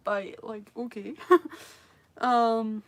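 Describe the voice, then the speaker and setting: Lady streamer chatting w her viewers, kinda high voice, giggly, restarts sentences a lot. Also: fairly even intonation, drawn-out words. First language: French. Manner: giggly, laughs often between phrases; hesitant, restarts sentences while searching for English words. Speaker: livestream host. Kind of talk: casual livestream chat with viewers.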